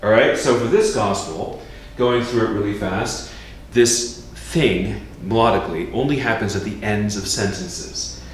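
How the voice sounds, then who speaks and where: A priest teaching how to chant a gospel, explaining casually and breaking into sung chant. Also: male voice, a little slow, few pauses, far from the mic. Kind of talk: informal chant lesson. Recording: very echoey room, faint rumble.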